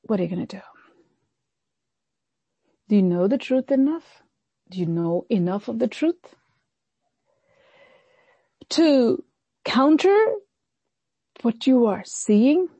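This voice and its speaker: A woman pastor preaching a sermon, slowing down to stress phrases and mockingly voicing the enemy's taunts. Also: on the high side, animated, dark tone, husky, no room sound.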